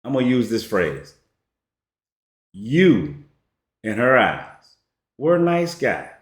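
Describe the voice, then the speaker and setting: A man's voice: medium pitch, very animated, slow pace. A man giving a casual storytelling monologue as a relationship commentator, slangy and emphatic. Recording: echoey room.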